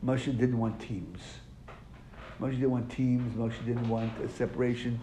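A man's voice: mid-range voice, flat delivery, unhurried, mellow. A man teaching a classroom lesson, asking his students questions and then answering them. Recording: echoey room, faint noise.

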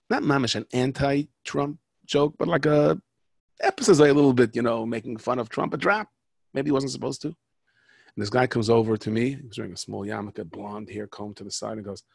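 A man's voice: mid-range voice, fairly quick, gravelly, slightly rough, no echo, clean studio sound. A man telling stories and parables in a rambling, conversational way that often breaks off and restarts. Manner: rambling, conversational, self-interrupting. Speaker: speaker, storyteller. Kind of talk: storytelling talk with jokes and parables.

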